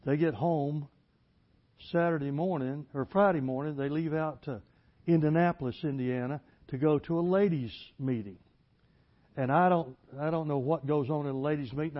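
A man's voice: fairly high pitch, normal speed. Folksy preacher man, lo-fi. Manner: folksy and plainspoken, rising to loud emphatic preaching. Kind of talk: folksy storytelling sermon. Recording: dull lo-fi recording.

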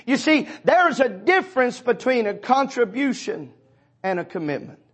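A man pastor preaching a sermon, swelling loud and dropping low, calling on congregation members by name. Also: very animated, moderate pace, breathy edge.

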